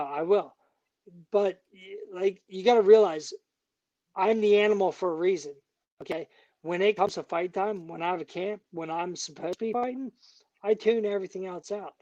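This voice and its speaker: Brief: heated fighter guest, man, high voice, dry muffled sound. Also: normal speed, warm tone, no echo. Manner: angry, profane, emphatic. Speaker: bare knuckle fighter guest. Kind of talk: heated interview talk.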